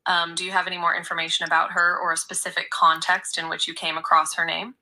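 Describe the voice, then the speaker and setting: A synthetic female voice of an AI chat assistant app, answering in a polite, measured way. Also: lowish voice, poor audio. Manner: polite, measured, even-toned.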